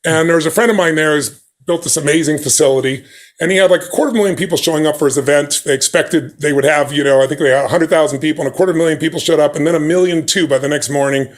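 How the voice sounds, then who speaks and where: A man as a podcast guest, telling a story in conversation with emphatic, animated delivery, acting out the dialogue he quotes. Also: on the high side, fast.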